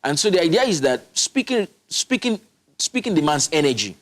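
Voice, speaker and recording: A man's voice: on the high side, sing-song, brisk, a bit bright. A man, a public speaking coach, explaining his methods emphatically in a studio interview, often restarting his sentences. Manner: instructive, emphatic, with frequent restarts.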